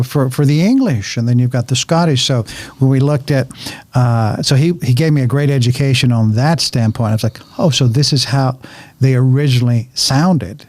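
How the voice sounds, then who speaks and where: A man's voice: mid-range voice, a little mellow, dry recording. A man hosts a casual interview, telling stories in a chatty way and laughing at his own jokes. His voice sits in a middle range. The sound is close and dry. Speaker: host.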